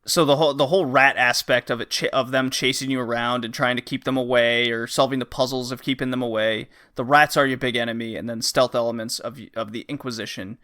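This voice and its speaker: A man's voice: mid-range voice, fairly even intonation, quick pace, few pauses, bright, forceful tone. A man hosting a casual game podcast, rambling with many fillers as he reviews recent releases. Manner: rambling, frequent uh and um, acts out game lines. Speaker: podcast host.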